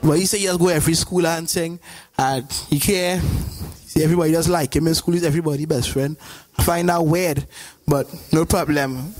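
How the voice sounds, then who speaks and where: A high-voiced man emcees a school poetry slam. He banters playfully and jokes around, then shouts out to hype the crowd. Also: steady tone, moderate pace. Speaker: event emcee. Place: large hall at a school event.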